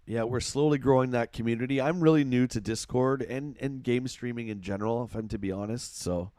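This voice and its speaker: A middle-aged man with an Ontario accent chats his way through a live game stream, reading viewers' messages aloud. His voice sits at an ordinary pitch for a man. The sound is close and dry, with no room around it. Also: fairly quick, warm tone, dry recording. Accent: Canadian, Ontario. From Canada. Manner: chatty, reads chat aloud, reacts to gameplay. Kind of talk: casual live-stream chat.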